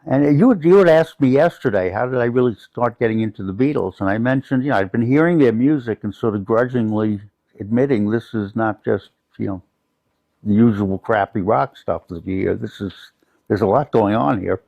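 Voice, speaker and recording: A lower-pitched older man recalls his past in an unhurried, reflective way, speaking as an interview guest. His voice is close and dry, with no room sound around it. He is from the United States and tells his stories in a plain, conversational manner. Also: creaky, no room sound, muffled recording. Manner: reflective anecdotal storyteller. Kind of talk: personal storytelling in an interview.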